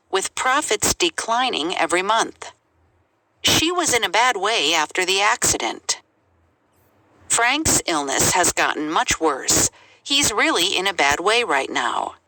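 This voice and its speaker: A woman reading English example sentences aloud in a clear, measured way for a language lesson. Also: medium pitch. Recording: noisy recording.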